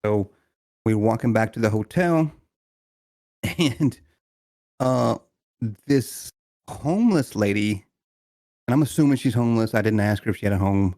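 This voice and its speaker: A man co-hosting a podcast, telling a family story in casual chat with lots of laughter and animated retellings. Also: measured pace, pauses often, dry recording, clean studio sound. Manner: animated, mimics people in high voices, laughs often. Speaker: podcast co-host.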